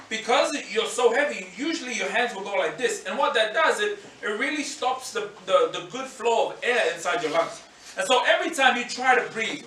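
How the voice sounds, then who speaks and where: An animated male pastor with a high-pitched voice delivers a sermon in a church hall, acting out scenes and voices. The recording is echoey, picked up by a distant mic, with a little hiss or hum.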